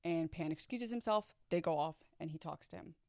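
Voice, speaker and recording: A woman's voice: sits low, normal speed, creaky, a little mellow, dry recording, clean studio sound. A woman from Chicago telling a personal story to viewers in a chatty, sassy way, with asides and frequent laughter. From Chicago, USA. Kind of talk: storytime vlog.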